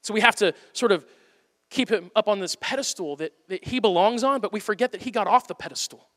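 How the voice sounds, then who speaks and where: A man with a high, bright, ringing voice preaches an impassioned sermon, building to loud pleas and dropping to near-hushed lines. His words carry a long reverb off the walls of a church sanctuary. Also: fast talker. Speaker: pastor.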